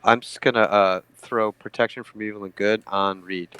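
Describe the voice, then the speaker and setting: A man playing a tabletop game, animated and jokey, laughing often as he describes his moves. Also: lowish voice, normal speed, smooth. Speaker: player. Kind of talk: tabletop game play, casual chat.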